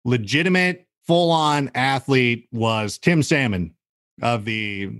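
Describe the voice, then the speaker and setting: A man telling stories in casual podcast chat, animated and acting out the voices of the people in them. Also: mid-range voice, takes it slowly, no echo, clean studio sound. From California. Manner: animated storyteller, acts out quoted voices. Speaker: guest.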